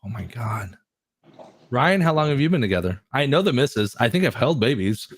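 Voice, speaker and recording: A man in his forties, a podcast guest, chatting in an excitable, effusive way and swearing freely. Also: medium pitch, a little fast. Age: 40s. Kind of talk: casual chat.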